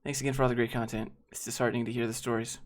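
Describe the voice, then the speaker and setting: A young man from Georgia hosting a casual livestream, reading chat and answering with quick, wry asides that trail off. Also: medium pitch, level tone. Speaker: livestream host.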